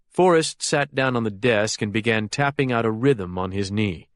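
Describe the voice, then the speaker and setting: A man narrating a thriller audiobook in a steady, even storytelling manner. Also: lowish voice, normal speed, few pauses, no echo, clean studio sound. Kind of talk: scripted narration.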